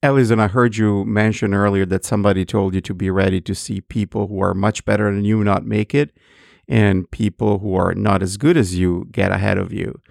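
Gravelly low-voiced male host. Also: steady tone, brisk, darkish tone, dry recording, studio quality. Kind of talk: interview questions.

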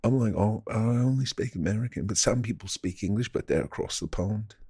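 Deadpan man on a comedy podcast. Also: lowish voice, brisk, slightly rough, no room sound, clean studio sound. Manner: deadpan, mock-serious rambling. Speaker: podcast co-host. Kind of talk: casual comedic chat.

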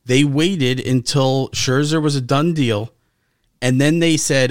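A male podcast co-host talking sports in an animated, emphatic way, swearing as he goes. His voice sits at a middle pitch. It is recorded close and dry, with no room sound. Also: slow pace, clear, resonant tone, no echo. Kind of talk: casual sports chat.

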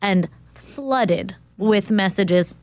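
A woman's voice: mid-range voice, extremely slow, a little mellow, dry recording. A woman speaking supportively and with emphasis in a casual chat.

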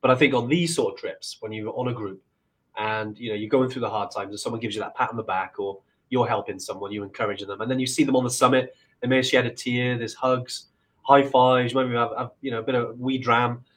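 A man in easygoing conversation, his voice at a middling pitch. He wanders through his thoughts with frequent restarts and fillers. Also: fairly even intonation, a little fast. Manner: rambling, with many restarts and fillers. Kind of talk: casual chat.

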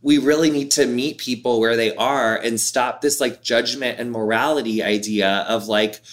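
A man in his thirties, an interview guest, talking candidly in an expressive, animated way with lots of "like". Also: mid-range voice, moderate pace. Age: 30s.

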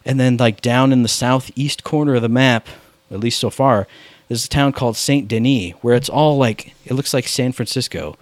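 A man's voice: medium pitch, moderate pace, dry recording. A man rambling in casual chat about video games, with lots of filler words.

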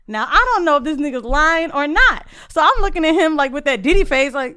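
Podcast co-host, woman, lively high voice, bright tone, loud animated storyteller. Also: quick pace, hardly any pauses. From Florida. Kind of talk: casual chat. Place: studio.

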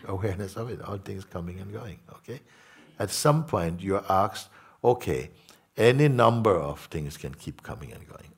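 Man, deep voice, husky, spiritual teacher, slow, soft-spoken, repetitive. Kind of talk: spiritual talk to listeners.

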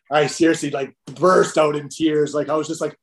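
A middle-aged man, a podcast guest, telling an emotional personal story in a halting way, full of restarts and fillers. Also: on the high side, steady tone.

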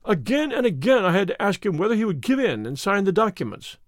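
A man narrating a classic story in the first person as an audiobook reader, in a measured and vivid way. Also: high voice, very animated, no echo, studio quality.

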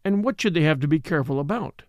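A man's voice: fairly high pitch, lively intonation, fast talker, no room sound, close to an everyday voice. A man reading the part of a formal, severe middle-aged French magistrate. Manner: formal, polite but severe. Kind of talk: audiobook character reading.

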